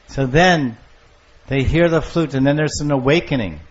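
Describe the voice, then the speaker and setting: An older man giving a devotional lecture on scripture, storytelling with lively acted-out voices. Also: medium pitch, normal speed. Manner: animated storyteller, acting out lovers' calls. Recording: muffled lo-fi lecture recording.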